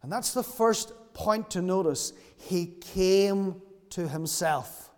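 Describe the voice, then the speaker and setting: Male preacher, high pitch, earnest and repetitive, recorded with long hall reverb. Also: slow. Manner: earnest, repeats key phrases for emphasis. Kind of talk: sermon.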